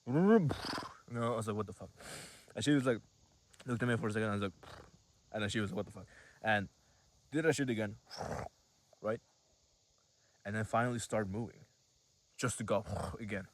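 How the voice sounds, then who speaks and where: A man's voice: lowish voice, fairly even intonation, brisk, pauses often, slight background noise. An 18-year-old man telling a rambling, casual story to camera, full of fillers and swearing. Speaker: vlogger.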